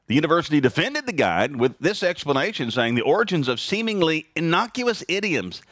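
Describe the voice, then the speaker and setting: Animated sarcastic man, dry close sound. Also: fairly quick, dry recording. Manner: animated, sarcastic, jumps high in pitch for emphasis. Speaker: podcast host. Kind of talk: casual opinion monologue. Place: at home.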